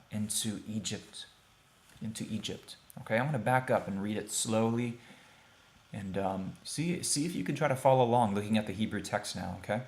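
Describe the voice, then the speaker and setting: A man teaching a beginners' Hebrew lesson over a shared screen, talking plainly and repeating words slowly for pronunciation. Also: lowish voice. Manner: plain, conversational, thinks aloud with fillers.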